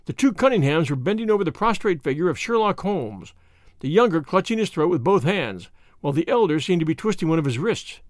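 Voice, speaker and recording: A man narrating a classic detective story in a measured, expressive reading. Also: on the high side, no echo, clean studio sound. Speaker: audiobook narrator.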